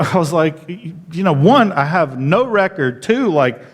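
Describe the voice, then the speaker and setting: A man, a pastor, telling a story in a sermon and getting animated as he retells his outrage. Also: on the high side, measured pace. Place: church auditorium. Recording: church hall reverb.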